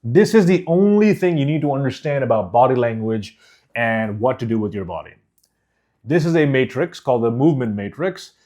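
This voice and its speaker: A man teaching public speaking in a lively, rising-and-falling voice. He talks emphatically and directly, demonstrating by swinging between loud delivery and near whispers, quick bursts and slow, deliberate phrases. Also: medium pitch. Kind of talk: teaching course.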